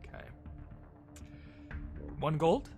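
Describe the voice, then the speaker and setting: A man's voice: extremely slow, warm tone, soft background music. A man narrating as dungeon master, casual and laughing, with frequent fillers. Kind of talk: narrating a tabletop game.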